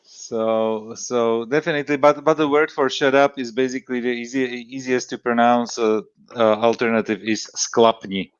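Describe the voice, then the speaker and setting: Halting man on a dull-sounding call. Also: medium pitch, fairly even intonation, clear, resonant tone, no room sound. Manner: halting, searches for words. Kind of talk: casual group chat on a stream.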